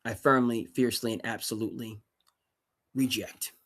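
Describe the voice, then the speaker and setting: A man hosting a solo sports talk livestream, ranting emphatically with sudden loud bursts. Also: medium pitch, steady tone, moderate pace. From New England. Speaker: sports commentary host.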